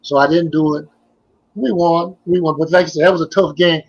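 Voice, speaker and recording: A man's voice: on the high side, steady tone, brisk, highs cut off. An older man, a former basketball player, telling stories in a casual interview, rambling and repeating himself as he goes. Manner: rambling, repeats phrases, trails off.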